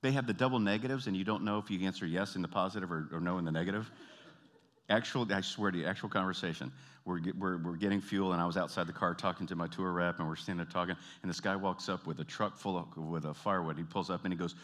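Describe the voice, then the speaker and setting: A man's voice: low voice, steady tone, fast talker, fairly bright tone. A middle-aged man doing stand-up comedy, telling stories and breaking into character voices, often laughing at his own jokes. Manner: storytelling, self-amused, mimics voices.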